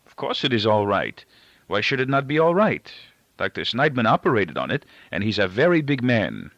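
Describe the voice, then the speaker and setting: A frail, anxious gray-haired father, as a male narrator puts him on, soft and a little husky. He picks his words formally and pauses over them. The take sounds dull and dry. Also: medium pitch, sing-song, dry recording, pitched above the performer's own voice. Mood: anxious, soothing. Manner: formal, careful phrasing with hesitations.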